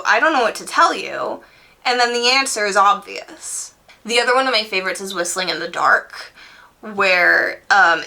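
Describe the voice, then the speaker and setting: A woman's voice: mid-range voice, bright, forceful tone. A young woman casually reviewing books on her vlog, candid and enthusiastic, swearing freely and padding her talk with "you know" and "like". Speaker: book reviewer.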